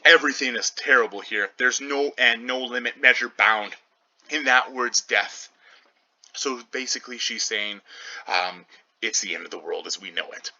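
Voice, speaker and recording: A man's voice: medium pitch, moderate pace, bright, forceful tone, muffled recording. A man teaching a literature lesson, explaining a play line by line in a conversational way and often checking in with "right?".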